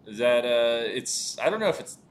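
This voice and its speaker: A man interviewing a guest in a casual chat, speaking haltingly and hesitantly. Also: mid-range voice, very animated. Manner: hesitant, halting, full of restarts. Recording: faint background noise.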